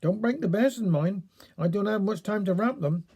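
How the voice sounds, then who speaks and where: A man's voice: sits high, expressive, moderate pace, mellow, husky, heavily acted. A man with a Cornish accent voicing a fussy village woman who chatters breathlessly, in a spoken story. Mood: fussing. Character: fussy village wife with pickled fish.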